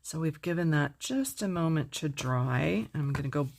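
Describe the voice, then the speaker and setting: A woman's voice: low-pitched, expressive, moderate pace, creaky, darkish tone, slight background noise. A middle-aged woman teaching card making in a casual demonstration, gushing with enthusiasm and talking straight to her viewers.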